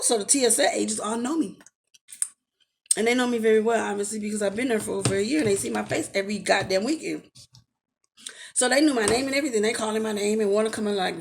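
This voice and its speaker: A woman, casually telling a storytime, animated and acting out the quotes. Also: mid-range voice, brisk, creaky, a little hiss or hum. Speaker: storyteller vlogger.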